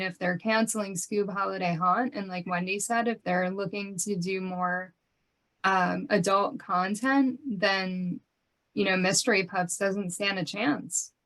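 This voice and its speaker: A woman's voice: mid-range voice, fairly bright tone, poor audio. A woman in a casual panel discussion, speaking in a worried, hesitant way. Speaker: panel co-host.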